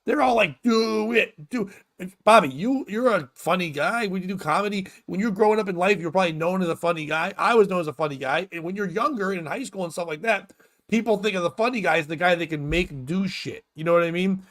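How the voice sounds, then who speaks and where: A man hosting a comedy podcast, reading news stories aloud and ranting about them in a profane, animated way, laughing at his own jokes. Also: high voice, fast.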